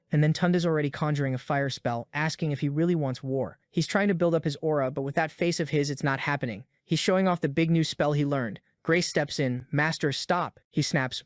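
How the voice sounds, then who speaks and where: A man's voice: on the high side, a little fast, few pauses, no room sound. A man casually retelling a comic story as a recap narrator, chatty and breezy, slipping into the characters' lines as he goes.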